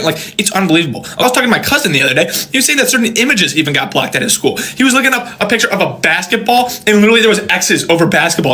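High, bright young man ranting quickly. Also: animated. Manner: exasperated, quick ranting delivery. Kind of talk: casual rant to camera.

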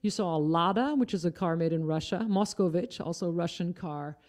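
A woman's voice: fairly low pitch, brisk, darkish tone. A woman from Iowa hosting a live music stream, chatting casually and explaining things as she goes. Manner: chatty, explaining, trails off and restarts. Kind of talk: casual chat.

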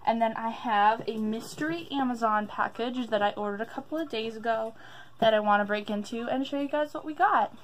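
A woman's voice: fairly high pitch, a little hiss or hum, low-quality recording. A young woman chatting upbeat to her viewers in a casual haul vlog from home, a little out of breath. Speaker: vlogger.

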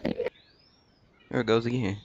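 A young man with a cracking voice giving casual, excitable let's-play commentary, talking back to animals and swearing often. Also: mid-range voice, slow pace, muffled recording. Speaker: gameplay commentator. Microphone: laptop.

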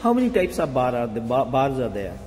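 A man with an Indian English accent talks slowly and hesitantly, filling gaps with many fillers as he guides a casual vlog tour. His voice is mellow and dark. A long reverb hangs around him in a large hall. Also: mid-range voice, big pitch swings. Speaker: hospitality vlogger.

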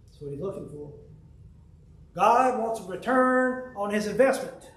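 A man teaches a Bible study in a relaxed, folksy manner, reading verses and quoting hymns between asides. His voice sits fairly high for a man. He is heard from a distance across a very echoey church room. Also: unhurried. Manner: folksy, conversational, reads scripture aloud and quotes hymns. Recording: very echoey room, speaker far from mic.

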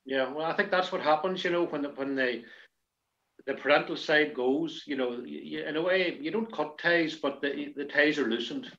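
Male interviewer, fairly high voice, muffled lo-fi call. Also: normal speed, fairly bright tone. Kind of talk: interview talk. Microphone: video call. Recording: dull lo-fi call audio.

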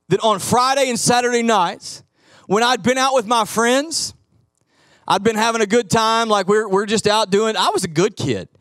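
A middle-aged man preaching a sermon as pastor, telling animated stories and acting out the voices in them. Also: sits high, no echo, studio quality. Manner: animated storytelling, acts out quoted voices.

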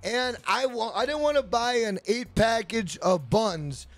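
A man's voice: very high voice, a little slow, fairly bright tone, faint music behind. A man hosting a casual livestream, telling rambling profane stories and greeting chat members by name. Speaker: livestream host.

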